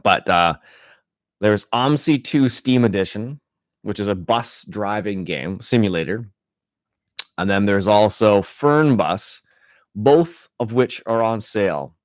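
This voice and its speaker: Low-voiced man chatting loosely. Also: takes it slowly, dry recording, studio quality. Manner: rambling, relaxed, frequent restarts and fillers. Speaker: gaming channel host. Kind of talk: casual live-stream chat.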